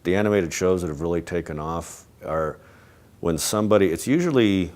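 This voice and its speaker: Man, middle-aged, deep low voice, casual interview, rambling, restarts sentences, soft laughs. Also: expressive, fairly quick. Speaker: interviewee, animation creator. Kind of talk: casual reflective interview talk.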